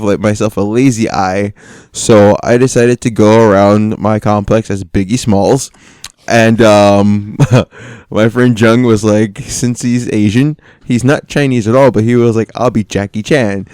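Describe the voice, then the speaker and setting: Young guy on a podcast telling a story, smooth clear voice, dry room sound, laughs a lot. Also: lowish voice, normal speed, no room sound. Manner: animated, laughing often, acting out quoted lines. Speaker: podcast co-host. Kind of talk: casual storytelling.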